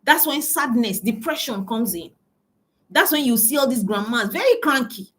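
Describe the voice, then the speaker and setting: Fairly high-pitched and expressive at a normal pace, this business coach gives an emphatic motivational speech, hammering points home through repetition and calling her listeners ladies and gentlemen.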